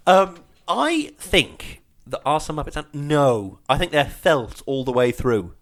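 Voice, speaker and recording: A man co-hosting a podcast in casual chat, animated and jokey. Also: fairly high pitch, takes it slowly, hardly any pauses, a little hiss or hum. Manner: animated, jokey, slips into silly voices. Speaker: podcast co-host.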